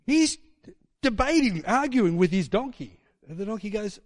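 A man preaches in a relaxed, conversational way, dropping fillers and tag questions as he tells the story. His voice sits a little high for a man. The sound is dry and close. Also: fairly quick, no echo. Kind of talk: sermon storytelling.

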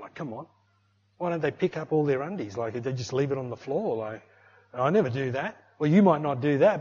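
A middle-aged man preaching a sermon in an animated, conversational way, often tagging his sentences with "eh" and "hey". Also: on the high side. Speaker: pastor. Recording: muffled lo-fi recording.

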